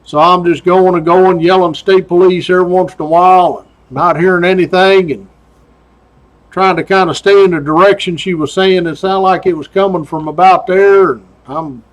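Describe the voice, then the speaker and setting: A man's voice: high-pitched, steady tone, moderate pace, fairly bright tone. A middle-aged man, casually telling a story about his days as a state trooper in a folksy way. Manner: folksy drawl with "doggone" and chuckles.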